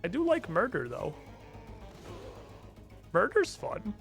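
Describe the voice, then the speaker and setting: A man's voice: sits high, wildly swooping pitch, takes it slowly, vocal fry, a bit bright. A young man streaming a fantasy game, joking and swearing casually as he plays. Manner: playful, profane, joking. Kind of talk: casual gameplay commentary. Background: game music.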